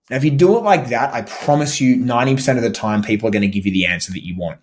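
A man teaching sales calls in a relaxed, conversational way, often saying "like" and restarting phrases, and acting out how to phrase questions. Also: mid-range voice, quick pace. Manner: conversational, frequent "like" and restarts, demonstrates inflection. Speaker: sales trainer. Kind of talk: instructional talk over slides.

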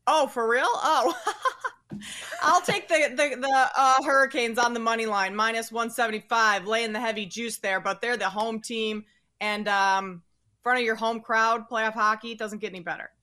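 Female betting analyst guest, bright and punchy, self-mocking confidence. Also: a little high, normal speed. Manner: confident, joking about herself. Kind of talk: casual sports betting chat.

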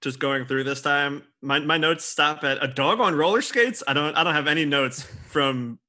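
A man's voice: fairly high pitch, normal speed, bright, forceful tone. A man co-hosting a casual podcast about old films, chatty and self-deprecating, giggling between thoughts. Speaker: podcast co-host. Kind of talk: casual film discussion.

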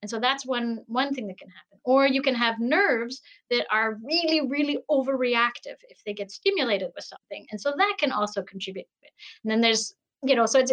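A Canadian woman scientist talking as a guest in an interview, animated and often laughing. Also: on the high side, muffled recording. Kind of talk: conversational interview. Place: at home in Berlin, remote call.

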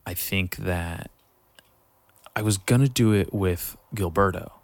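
A young man with a very low voice tells a long, rambling story in casual chat, full of swearing and "like". The sound is dry and close, with almost no room. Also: slow pace, dry recording. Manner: rambling, profane, laid-back storytelling.

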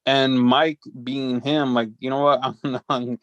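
A man's voice: medium pitch, little pitch movement, unhurried, no echo, muffled recording. A man co-hosting a podcast, talking in hesitant casual chat that is full of fillers. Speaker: podcast co-host.

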